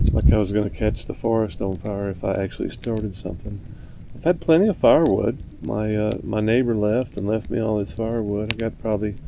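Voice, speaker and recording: A man's voice: lowish voice, creaky, mellow, rough recording. A man vlogging casually at a mountain campsite, rambling and blunt, grumbling about other campers. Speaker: motorcycle vlogger. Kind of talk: casual vlog monologue. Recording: faint outdoor background noise.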